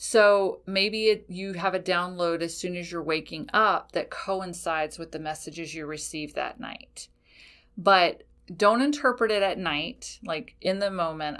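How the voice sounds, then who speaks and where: A woman's voice: deep voice, fairly bright tone. Frank, casual woman podcast host. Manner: frank, casual, swears freely, says "okay?" often. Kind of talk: casual spiritual teaching talk.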